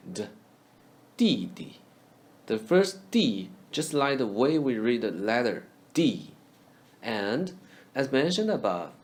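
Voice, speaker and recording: A young man leads a beginner pronunciation lesson at an unhurried pace. His pitch moves a lot as he says each sound clearly and repeats it for the learner. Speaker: Chinese language teacher. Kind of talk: scripted lesson narration.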